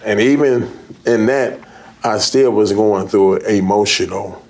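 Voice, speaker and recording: A man, a pastor, telling in an interview how he came out of a coma, halting and repeating words earnestly. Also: fairly low pitch, a little mellow. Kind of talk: interview guest recounting illness. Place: TV studio.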